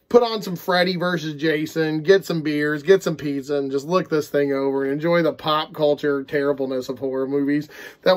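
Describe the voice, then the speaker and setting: A man in his thirties rambling through an unedited book review to camera, tired and prone to giggling. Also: a little high. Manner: rambling, easily breaks into giggles. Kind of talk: casual unedited video review.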